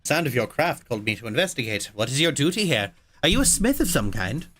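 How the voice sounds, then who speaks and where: A man's voice: medium pitch, sing-song, fast, a bit bright. A man voicing a terse young female insect warrior from a video game, reading her lines plainly and directly. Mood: curt. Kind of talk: reading game dialogue aloud.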